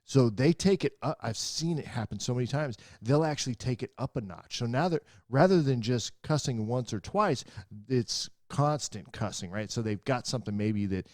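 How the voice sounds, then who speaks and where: A man's voice: medium pitch, expressive, normal speed, a little mellow, no room sound, studio quality. A man co-hosting a podcast, explaining at length in a casual way and often checking in with "right?". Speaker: podcast co-host. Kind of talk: casual chat.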